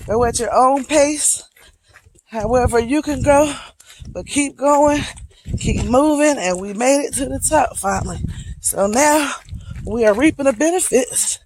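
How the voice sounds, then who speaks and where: A hiking vlogger, speaking slowly and reflectively, encouraging viewers while out on a wooded trail near waterfalls. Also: mid-range voice, a little hiss or hum, poor audio. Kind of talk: motivational outdoor vlog.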